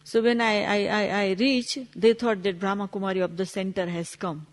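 A woman's voice: medium pitch, fairly quick. Woman teaching in a reverberant hall. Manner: animated storytelling with quoted dialogue, non-native English. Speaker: spiritual teacher. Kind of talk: spiritual talk with anecdote.

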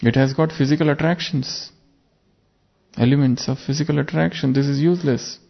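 This man's voice sits on the high side, with vocal fry, fairly even intonation, and a moderate pace. As a spiritual teacher, he gives a reflective, earnest sermon with a parable, asking listeners searching rhetorical questions. It comes through a muffled lo-fi recording.

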